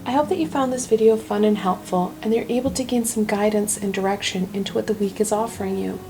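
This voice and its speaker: A woman hosting a weekly tarot reading video, talking in a gentle, reassuring, chatty way. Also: mid-range voice, steady tone, quick pace, faint music behind, poor audio. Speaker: tarot reader.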